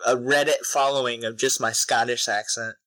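Young male podcast co-host, bright and forceful voice, dry close mic, joking casual chat. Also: mid-range voice, fairly even intonation, normal speed, no room sound, low-quality recording. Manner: joking, loose, trails off with fillers.

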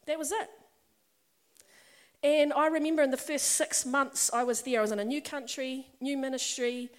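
Middle-aged female preacher, high voice, warm-chatty storytelling that swells into emphatic appeals. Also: steady tone, normal speed. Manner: conversational and personal, building to emphatic passages. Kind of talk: sermon. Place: church or meeting hall with a congregation.

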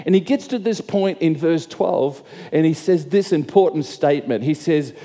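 Man, pastor giving a sermon, slightly high mellow voice, chatty and repetitive, long hall reverb. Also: lively intonation, normal speed. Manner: conversational, repeats and restarts phrases, asks the crowd questions.

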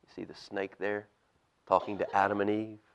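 A man, a pastor, reading a storybook aloud to children in church with expressive, animated storytelling. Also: on the low side, normal speed, creaky, lo-fi sound, noisy background. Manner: expressive storytelling, lively swings in loudness.

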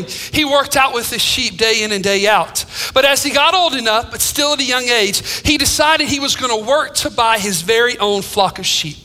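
A male pastor delivering a sermon to his church, with dynamic preaching that swings between lively emphasis and hushed, sing-song phrases. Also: extremely high pitch, big-room sound. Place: church sanctuary.

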